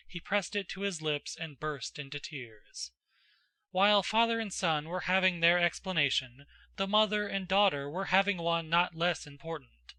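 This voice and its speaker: A male narrator reading a classic novel, measured and even in his storytelling. His voice is strikingly bright and a little high, and it is recorded close and dry. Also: clean tone, no echo. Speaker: audiobook narrator.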